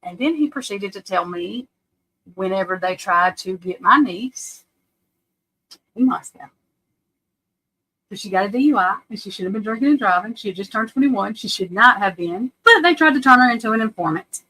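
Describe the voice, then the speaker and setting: A woman hosting a live stream, giving casual true crime commentary in a blunt, profane, animated way and often laughing. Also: medium pitch, normal speed, rough recording. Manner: laughs often while telling stories. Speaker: livestream host. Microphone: webcam or desk mic on a live stream.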